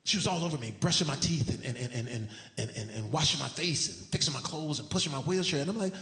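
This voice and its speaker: Animated man doing stand-up. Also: quick pace, few pauses. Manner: animated storytelling, jumps to high excited pitch. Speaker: stand-up comedian. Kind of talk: stand-up routine. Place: large live venue. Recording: echoey hall with loud crowd. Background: audience laughter and noise.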